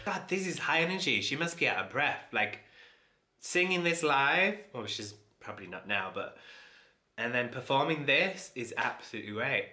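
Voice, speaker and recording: A man excitedly reacting to a dance video, gushing with frequent oohs and exclamations. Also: mid-range voice, normal speed. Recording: echoey room with music underneath. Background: music playing.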